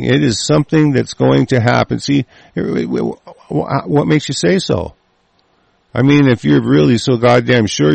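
A man's voice: medium pitch, gravelly, a little mellow, dry recording. A man in an angry, profane rant as he reads out a news article and breaks off with stammering restarts. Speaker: political ranter reading a news article.

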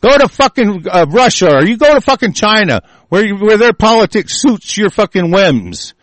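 High-voiced guy ranting furious and swearing nonstop, dry close sound. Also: very animated, normal speed, dry recording. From United States. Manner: furious, profane, shouting threats. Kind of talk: angry political rant.

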